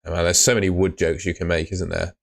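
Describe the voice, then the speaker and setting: Young bloke live streaming, deep voice, chatty, says mate a lot. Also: male voice, little pitch movement, fast, gravelly. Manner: casual, chatty, uses mate and fillers. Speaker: fantasy football streamer. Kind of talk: live stream chat reading comments.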